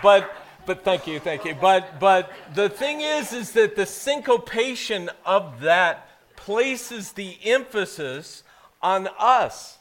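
A man preaching a sermon as pastor, reading scripture slowly and then preaching with strong emphasis. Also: sits high, very animated, fairly bright tone. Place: church sanctuary.

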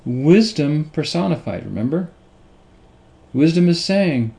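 A middle-aged man works through a Bible passage slowly, often stumbling over repeated words before pressing his point. His voice is dark and gravelly, with a rough fry under it. He asks rhetorical questions to drive home each lesson. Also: a little high, sing-song. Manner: halting, repeats words and restarts. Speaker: Bible teacher. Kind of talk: slow unscripted Bible teaching.

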